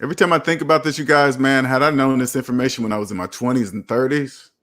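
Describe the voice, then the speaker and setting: A fast-talking man with a mid-range voice hosts a personal finance show. He reads viewer comments and reacts emphatically and preachily, breaking into sudden excited whoops.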